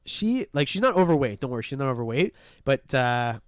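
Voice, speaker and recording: A young Canadian man chatting on a livestream, rambling loosely as he reads viewer comments aloud and thanks people. His voice sits at an ordinary middle pitch. The sound is dry and close, with almost no room around it. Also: very animated, a little fast, no echo. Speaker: livestream host. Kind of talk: casual livestream chat. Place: warm room under a heat lamp.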